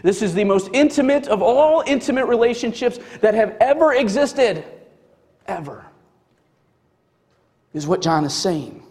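A man's voice: high-pitched, expressive, unhurried, pauses often, darkish tone, big-room sound. A man preaching a sermon to a congregation, emphatic and conversational, full of casual fillers. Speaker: pastor. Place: church sanctuary.

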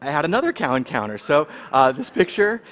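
A man from California, preaching a sermon in a casual, animated way and telling personal stories while checking in with his listeners. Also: a little high, a little fast, long reverb tail. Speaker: pastor.

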